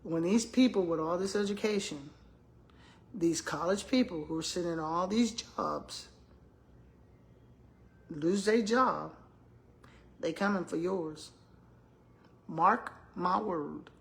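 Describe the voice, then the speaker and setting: An older woman from the American South talks straight to her viewers in a loose, chatty vlog. Her voice sits a little low, and she tells her stories with frequent laughter. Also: slow pace, long pauses. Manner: animated storytelling, laughs often, addresses viewers as y'all. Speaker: retired school principal vlogger. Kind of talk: casual chat to viewers.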